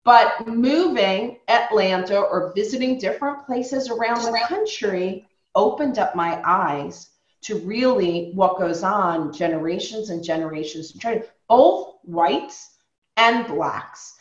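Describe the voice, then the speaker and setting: A woman's voice: medium pitch, slow pace, reverberant, lo-fi sound. A woman from New York hosting a podcast, telling stories in casual conversation and acting out the people she quotes. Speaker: podcast host.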